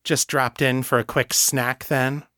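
A man's voice: mid-range voice, little pitch movement, a little slow, sharp tone, no room sound, studio quality. Man voicing a curt, hostile female agent. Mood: cold. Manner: curt, acidic.

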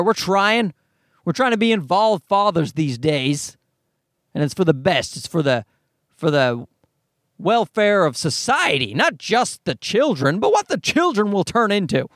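Man in his thirties, sarcastic profane podcast host, bouncy pitch, close dry recording. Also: no room sound. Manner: profane, ranting, sarcastic, animated. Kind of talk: solo comedic podcast rant. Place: parked car.

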